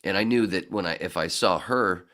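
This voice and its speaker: A man as a podcast guest, telling animated, profane anecdotes in a casual, laughing way. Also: deep voice, normal speed. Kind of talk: casual storytelling.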